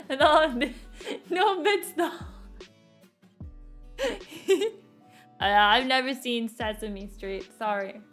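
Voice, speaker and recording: Giggly woman streamer, unhurried. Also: high voice, a bit bright. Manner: giggly, rambling, laughs often. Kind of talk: casual chat while drawing. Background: faint background music.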